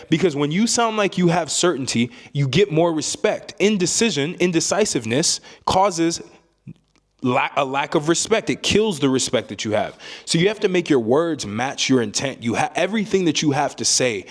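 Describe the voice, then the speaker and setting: A man giving a motivational speaking lesson as a communication coach, emphatic and repetitive, often ending points with a tag question. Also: medium pitch.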